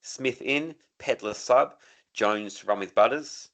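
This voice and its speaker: Bright-voiced man reading messages. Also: medium pitch, slow pace. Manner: reads listener messages, reins in his co-host. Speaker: podcast co-host. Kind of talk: casual chat.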